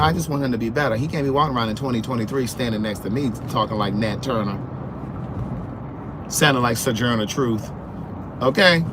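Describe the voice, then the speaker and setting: A man vlogging from his car, chatting in an animated, sassy way and answering comments, sounding sleepy. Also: mid-range voice. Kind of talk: casual chat while driving. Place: in a car on the road. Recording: car road noise. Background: road noise.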